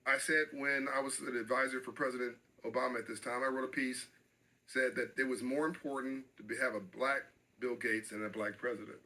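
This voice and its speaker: A man's voice: mid-range voice, fairly even intonation, a little fast, bright, forceful tone, rough recording. A middle-aged man speaking as an interview guest, passionate and emphatic, often repeating phrases for stress.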